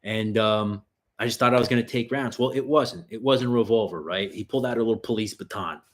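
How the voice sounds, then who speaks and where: A man's voice: fairly low pitch, brisk. Foul-mouthed man telling street stories. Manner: profane, rambling street-story telling. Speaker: self-defense channel host. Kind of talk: casual livestream storytelling.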